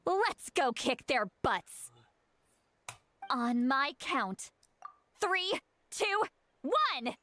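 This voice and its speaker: A woman's voice: sits high, very animated, extremely slow, pauses often, sharp tone, full character voice. A woman voicing a bossy, short-tempered old granny in a young woman's body, in a video game.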